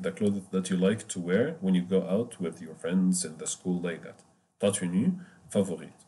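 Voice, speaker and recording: A man teaches French through English, his deep, mellow voice carrying the lesson. He repeats each word and stops to explain with the odd filler. Faint keyboard typing sits behind him. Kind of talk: bilingual language lesson.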